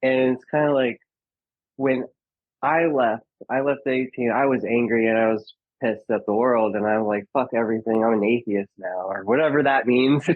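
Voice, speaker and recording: A man's voice: mid-range voice, fairly even intonation, normal speed, dry recording. A man telling stories as a podcast guest, chatty and full of fillers, laughing often and acting out quotes. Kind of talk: casual storytelling. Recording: dull lo-fi dry sound.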